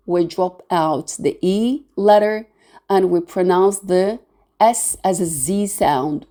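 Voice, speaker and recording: Woman, patient beginner English teacher, slow deliberate delivery, spells each word out letter by letter. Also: on the low side, expressive, mellow.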